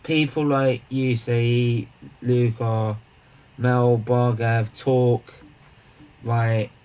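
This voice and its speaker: A man's voice: mid-range voice, little pitch movement, extremely slow, darkish tone, clear, resonant tone, poor audio. A man hosting a charity live stream, chatting casually with viewers, rambling and restarting his sentences as he greets people and banters.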